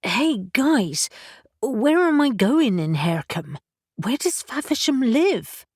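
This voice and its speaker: A woman voicing a steady young witch. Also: on the high side, slow, no echo, studio quality, pitched above the performer's own voice, heavily acted. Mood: frustrated. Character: level-headed young witch, tense but steady.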